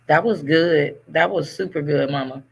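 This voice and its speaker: A man's voice: a little high, normal speed, gravelly, breathy edge. A man moderating a video call, effusive and casual in his remarks, heard over a noisy video call line.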